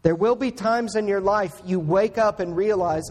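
A man preaching a sermon as a pastor, slow and earnest, pressing each point with emphatic rises. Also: high voice, darkish tone, a little hiss or hum. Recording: long hall reverb.

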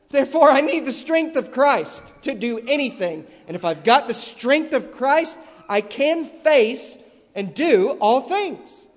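A male preacher delivering a sermon with heavy, repeated emphasis that builds to loud stressed peaks, in a large church hall. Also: very high voice. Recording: long echoey hall reverb.

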